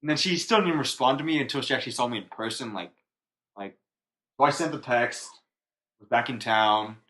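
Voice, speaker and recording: A man's voice: medium pitch, a little fast, bright, forceful tone. A young man co-hosting a podcast, telling a story in casual, rambling chat and laughing at himself. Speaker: podcast co-host.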